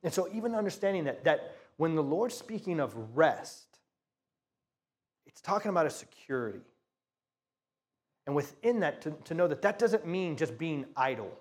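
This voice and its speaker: A man's voice: on the high side, big pitch swings, normal speed, long pauses, a little mellow. A man, a pastor, giving a conversational sermon with a prayer and a Bible reading, often repeating words as he restarts phrases. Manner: conversational, talks to the audience as "you guys".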